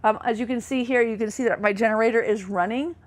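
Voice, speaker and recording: A woman's voice: on the high side, steady tone, fast. A woman giving a casual, chatty walkthrough of a motorhome as a presenter, enthusiastic and full of fillers. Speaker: RV sales presenter. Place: inside a motorhome.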